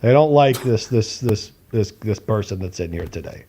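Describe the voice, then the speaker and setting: A man's voice: lowish voice, expressive, normal speed, mellow. A man co-hosting a podcast, telling a casual story animatedly, acting out voices and swearing now and then. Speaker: podcast co-host.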